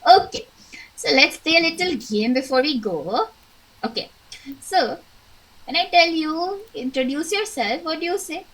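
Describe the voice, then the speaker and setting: A young woman with an Indian English accent teaching an online English class, speaking slowly and clearly with encouraging, acted examples. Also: high-pitched, animated, a bit bright, rough recording.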